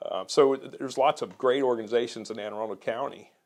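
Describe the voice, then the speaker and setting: A business co-owner from Maryland talking earnestly as an interview guest, measured and a little halting. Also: male voice, medium pitch. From Maryland, USA. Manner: measured, earnest, repeats words when restarting. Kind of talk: conversational interview.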